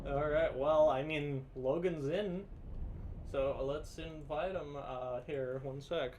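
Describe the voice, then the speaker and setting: Chatty male streamer, slightly high voice. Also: background noise. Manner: chatty, many fillers and quick laughs. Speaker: livestreamer playing a game. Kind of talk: casual livestream commentary.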